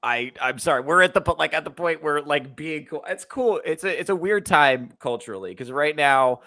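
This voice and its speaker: Animated bright-voiced male podcast host. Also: on the high side, normal speed, no echo. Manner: animated, laughing, swearing freely. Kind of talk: casual chat.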